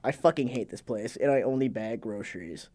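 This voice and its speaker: Man, co-host, casual, joking, profane, mid pitch. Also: a little fast, a little mellow. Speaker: podcast co-host. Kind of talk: casual chat.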